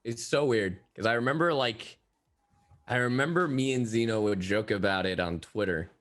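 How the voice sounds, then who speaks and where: A man's voice: medium pitch, moderate pace, a bit bright. A man, a voice actor on a panel, telling a story in casual chat with stammered restarts.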